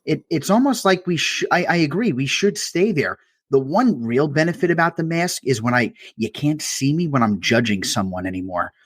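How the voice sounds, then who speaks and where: A man's voice: fairly high pitch, very animated, normal speed, a bit bright, dry recording. Dry-voiced man ranting with comic swearing. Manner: ranting storyteller, swears freely. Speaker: podcast co-host. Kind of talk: casual comedic chat.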